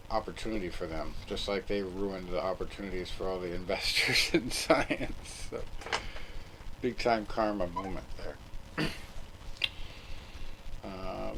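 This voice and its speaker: Male podcast host, low voice, rambling casual chat, easy laughter, faint room noise behind. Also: gravelly.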